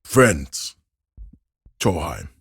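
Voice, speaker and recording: A man voicing a gruff male troll warrior who forces out halting, broken words. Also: sits low, sing-song, dry recording, pitched below the performer's own voice, full character voice. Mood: terse. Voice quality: guttural.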